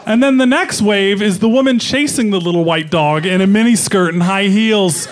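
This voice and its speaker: High-voiced man telling stand-up stories. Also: normal speed, some chatter behind. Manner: storytelling, chuckling, animated. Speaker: stand-up comedian. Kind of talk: stand-up comedy set. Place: comedy club stage. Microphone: stage microphone.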